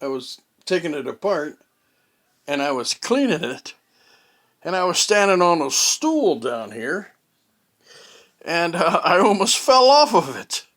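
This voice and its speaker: A man telling a casual, rambling story at home, halting often with fillers and restarts. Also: fairly high pitch, very animated, a bit bright. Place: at home, indoors.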